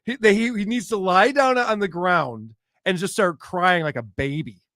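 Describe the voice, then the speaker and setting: A male host gives joking, sarcastic commentary on police clips in a high, bright voice. The recording is dry and close. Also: moderate pace, no echo. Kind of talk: casual commentary on police videos.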